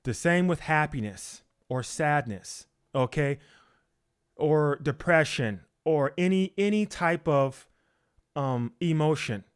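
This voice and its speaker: A man delivers a sermon in a slightly high voice, taking his time over each phrase. He repeats his points with insistence, throws out rhetorical questions, and keeps checking in with his listeners. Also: lively intonation, slow, clean tone. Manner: emphatic and repetitive, asks rhetorical questions. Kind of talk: preaching.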